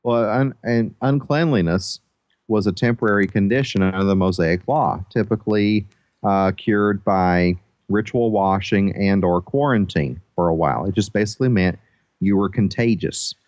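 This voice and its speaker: A man who is the show's biblical scholar, explaining things in a measured way with some hesitation. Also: lowish voice, darkish tone, dry recording, muffled recording. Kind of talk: casual podcast discussion.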